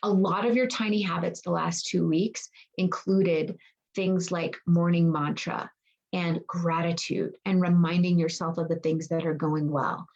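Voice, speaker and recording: A woman's voice: on the low side, steady tone, a little slow, a little mellow, muffled recording. A woman wellness coach talking casually to her group, reassuring and thinking aloud, often checking in with "right?". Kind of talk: casual online coaching talk.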